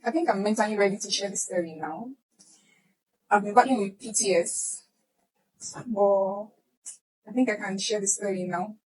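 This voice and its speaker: A young Nigerian woman tells a personal story to camera, animatedly acting out the voices of the people involved. Her medium-pitched voice moves at normal speed with long pauses, and the audio quality is poor.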